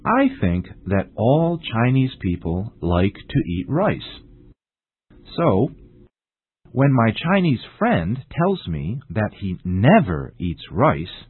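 Male radio English teacher, deliberate, dry thin phone-like sound. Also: fairly low pitch, breathy edge, no echo. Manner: slow, deliberate, very lively intonation. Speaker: English teacher, show host. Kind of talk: scripted radio lesson. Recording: tinny phone-like band.

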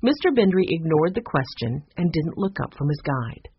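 A narrator reading a children's chapter book in a steady, expressive storytelling style. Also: mid-range voice, normal speed, breathy edge. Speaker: audiobook narrator. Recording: dull lo-fi recording.

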